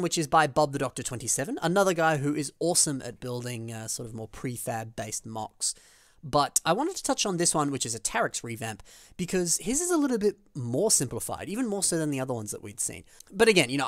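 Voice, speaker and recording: A man hosting a building show, chatting casually and enthusiastically about fan builds, his voice leaping up in pitch on the words he stresses. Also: dry recording, clean studio sound. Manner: enthusiastic, with big pitch jumps on emphasis; chatty, with frequent fillers and restarts.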